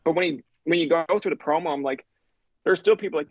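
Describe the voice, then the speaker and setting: A man from Newfoundland in his thirties, a podcast guest telling stories in an animated, profane way and acting out the people in them. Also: on the high side, fast, no echo, dull audio. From Newfoundland, Canada. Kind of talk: casual storytelling chat.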